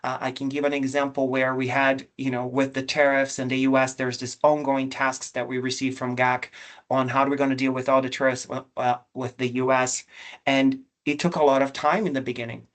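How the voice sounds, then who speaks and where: A man's voice: medium pitch, level tone, fairly quick, fairly bright tone. A man speaking as a government director on a virtual panel, earnest and reflective, openly emotional at times, over a video call. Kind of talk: panel discussion.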